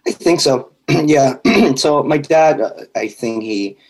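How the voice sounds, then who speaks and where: A man's voice: on the high side, expressive, slow, creaky, low-quality recording. A young man, a fitness trainer and interview guest, speaking in an earnest, reflective way with hesitant fillers. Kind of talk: conversational interview.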